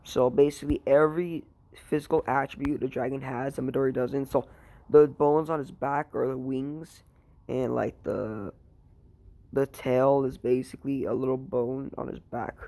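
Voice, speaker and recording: Young man, tired, rambling, crude, sweary, mellow low-key voice, improvised story narration. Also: steady tone, moderate pace. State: tired, sleepy.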